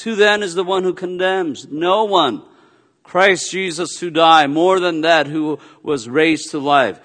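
A man's voice: on the high side, fairly bright tone. A middle-aged man, a pastor, preaching a sermon in a conversational way with playful asides. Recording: long hall reverb.

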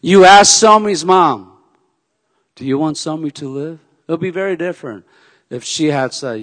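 A man preaching a sermon, dropping to a hush and then rising to loud, emphatic peaks. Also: on the high side, animated, normal speed. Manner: swings from hushed to loud and emphatic. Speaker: pastor. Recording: long hall reverb.

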